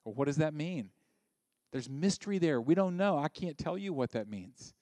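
A man preaching a sermon in a conversational, joking way, breaking into loud emphatic bursts. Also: fairly high pitch, lively intonation, normal speed, no echo. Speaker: pastor.

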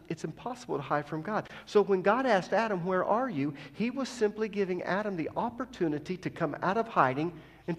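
A man preaching a sermon. He teaches scripture with emphatic stresses that drop to soft asides. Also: on the high side, gravelly. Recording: long reverb of a large hall.

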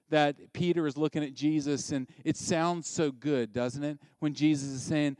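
A male pastor giving a sermon, animated and conversational, asking the listeners direct questions. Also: on the high side, moderate pace, no echo, studio quality.

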